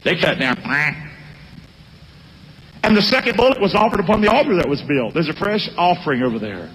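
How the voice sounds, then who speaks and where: A man preaches with swooping, animated delivery, calling out to his congregation for answers. His voice sits high for a man and swings freely from line to line. Long reverb from a large hall trails every phrase. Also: fairly quick. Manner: animated, call-and-response with congregation. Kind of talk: sermon.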